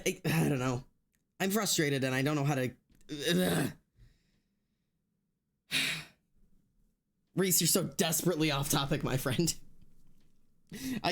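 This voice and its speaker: A man streaming live who swears heavily, rants hotly and then laughs it off, talking straight to his chat with many restarts. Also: fairly high pitch. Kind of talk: casual livestream chat.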